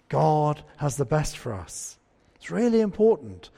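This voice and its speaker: Preacher in a reverberant church. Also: male voice, a little high, animated, unhurried, a little mellow. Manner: conversational, asks the congregation questions. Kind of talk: sermon.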